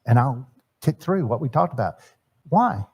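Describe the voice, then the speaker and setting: A man's voice: mid-range voice, sing-song, normal speed, a little mellow, breathy edge. A middle-aged man teaching at a church marriage seminar, talking conversationally and acting out bits of dialogue. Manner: conversational, acts out quoted dialogue, repeats words.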